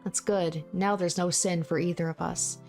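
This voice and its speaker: A woman reading aloud from a visual novel and voicing a calm young woman fighter who speaks quietly and with resignation. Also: lowish voice, moderate pace, soft background music, lightly acted.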